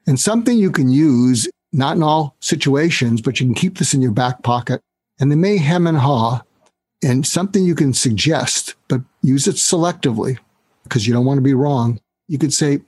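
A man talking as a guest expert on selling and negotiating, animated and acting out bits of dialogue as he explains. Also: moderate pace, slightly rough, dry recording. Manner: animated, acts out dialogue with raised pitch for quoted lines. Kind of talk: explanatory interview talk.

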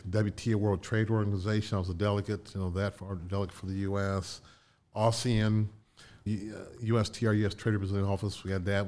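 An older man from Indiana, a guest in a casual interview, tells animated anecdotes with restarts and laughs. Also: on the low side. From Indiana, USA.

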